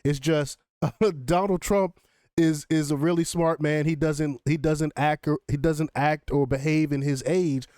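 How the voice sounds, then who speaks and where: A man hosting casual political commentary, chatty and excitable, often laughing and filling pauses with ums. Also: fairly high pitch, clean tone, no echo, clean studio sound.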